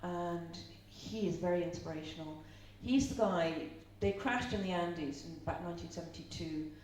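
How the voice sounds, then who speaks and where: Speaking at a moderate pace, this middle-aged woman from Ireland has a slightly low, somewhat mellow voice as she chats, tells stories, and quizzes the seminar audience. The live recording is very echoey, she sits distant from the microphone, and a faint hum lingers.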